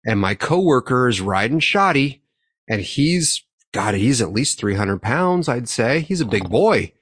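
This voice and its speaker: A man on a podcast mic, spinning a profane, animated story for his co-hosts. His voice sits at an ordinary middle pitch, and the room adds almost no reflection, so he sounds close and dry. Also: unhurried, slightly rough, no echo. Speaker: podcast co-host. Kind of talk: casual storytelling among friends.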